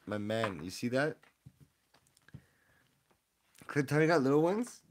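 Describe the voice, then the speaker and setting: A young man streaming live as he opens card packs, chatting casually and rambling excitedly as he gives shout-outs to viewers. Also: mid-range voice, fast talker, a little hiss or hum. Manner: excitable, rambling, hypes up the audience.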